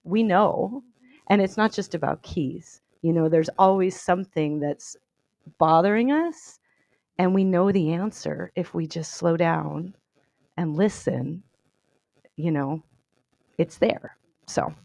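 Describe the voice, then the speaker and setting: A woman speaking gently and reassuringly to a group. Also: on the low side, slow, creaky, long pauses, no echo. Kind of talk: reflective talk.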